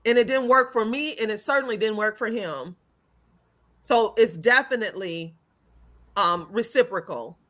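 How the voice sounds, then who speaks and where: A woman's voice: on the high side, normal speed, a bit bright. A woman speaking as the guest on a relationship chat show, upbeat and affirming, often chiming in to agree with the host. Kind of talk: casual chat.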